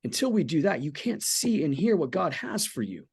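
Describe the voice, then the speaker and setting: A man's voice: fairly high pitch, very animated, moderate pace, gravelly, slightly rough. A man in his forties, a podcast guest, talking candidly about faith in an earnest, blunt way with casual swearing. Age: 40s.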